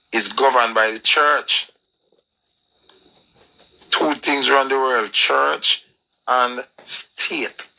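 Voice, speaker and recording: Forceful gravelly Jamaican man ranting. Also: mid-range voice, poor audio. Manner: preachy, emphatic, rhetorical questions. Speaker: commentator. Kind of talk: ranting commentary.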